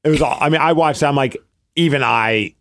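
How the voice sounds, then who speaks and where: A man co-hosting a podcast, talking sports in an emphatic, animated way. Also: a little high, fairly quick, gravelly. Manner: animated, emphatic, repeats "you know what I mean". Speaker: podcast co-host. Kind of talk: casual sports chat.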